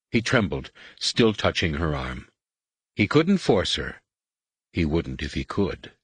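Male audiobook narrator, very low pitch, dry close sound, measured, dramatic. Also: very animated, a bit bright, breathy edge, no echo. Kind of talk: scripted narration.

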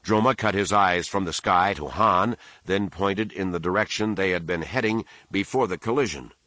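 A man narrating an audiobook in a steady, measured storytelling manner. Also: deep voice, no room sound. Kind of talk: scripted narration.

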